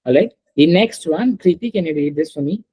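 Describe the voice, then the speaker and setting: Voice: medium pitch, lively intonation, fairly quick, warm tone, slightly rough, poor audio. A teacher giving an online French class over a video call, patiently repeating words and calling on students.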